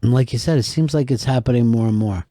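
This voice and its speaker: Dude radio host rambling thru a comedy club story, dry close mic. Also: male voice, medium pitch, mellow, dry recording. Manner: storytelling, wry, drawn-out anecdotes. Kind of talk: casual radio talk.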